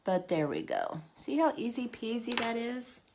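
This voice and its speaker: A woman's voice: fairly high pitch, huge pitch swings, normal speed, noisy background. Chatty woman hosting a makeup livestream. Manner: chatty, self-deprecating, talks to viewers by name. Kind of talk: casual live makeup tutorial.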